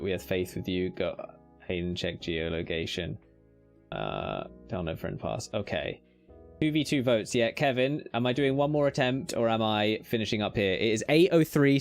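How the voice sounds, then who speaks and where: A British man streaming a game live. He cheers loudly at times, mutters under his breath at others, swears casually and talks to himself. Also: medium pitch. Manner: excitable, swings between loud cheering and muttered whispers. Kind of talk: live gameplay commentary.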